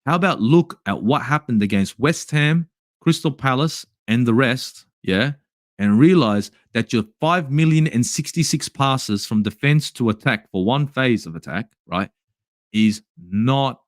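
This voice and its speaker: A man's voice: medium pitch, expressive, a little slow, no echo, clean studio sound. An Australian man hosting a football channel, angrily ranting through a match review with plenty of swearing. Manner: angry, swearing, exasperated ranting. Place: home in Sydney at night.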